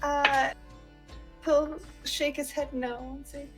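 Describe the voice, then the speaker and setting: A woman's voice: sits high, flat delivery, slow pace, fairly bright tone, soft background music. A woman playing a character in a tabletop game, with a playful, joking manner. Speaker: player.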